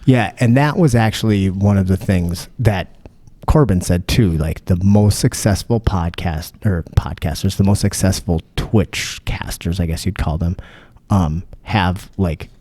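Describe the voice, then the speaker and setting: A man's voice: low-pitched, a little slow, mellow, no room sound. A man hosting a podcast in casual chat. He rambles, swears freely and restarts his sentences. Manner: rambling, profane, many restarts. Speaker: podcast host.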